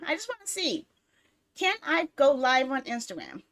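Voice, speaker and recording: Animated woman streamer rambling to herself. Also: high-pitched, fairly quick. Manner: rambling, talks to herself while fiddling with apps; easily exasperated, swears. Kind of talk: casual live-stream chat.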